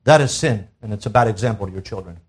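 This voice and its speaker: A man's voice: lowish voice, fast talker, breathy edge. A man preaching a sermon to a church congregation, emphatic, pressing his listeners with rhetorical questions. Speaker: pastor. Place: church service.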